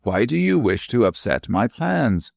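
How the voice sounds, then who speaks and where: A man voicing a tiny, shrewd and mischievous old woman dwarf with a shrill, teasing manner in a storybook reading. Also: big pitch swings, unhurried, vocal fry, no echo, clean studio sound, exaggerated voice. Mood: teasing, sharp. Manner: sharp, teasing, whimsical.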